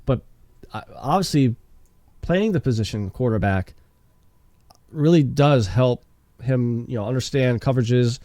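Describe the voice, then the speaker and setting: Rambling man with a dark, dry voice. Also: medium pitch, dry recording. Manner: rambling, halting with restarts and quick laughs. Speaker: podcast co-host. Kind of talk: casual sports chat.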